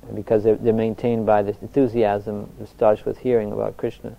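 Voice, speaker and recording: Uomo pacato in una registrazione opaca. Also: male voice, fairly low pitch, flat delivery, a little fast, gravelly. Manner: soft-spoken, frequent restarts. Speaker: spiritual teacher answering questions. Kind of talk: reflective talk with anecdotes. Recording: dull lo-fi recording.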